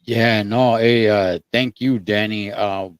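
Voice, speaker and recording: A man's voice: lowish voice, fairly even intonation, slow pace, smooth, no echo, studio quality. A man hosting an interview, thanking his guest and inviting him back. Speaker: host. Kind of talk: interview host.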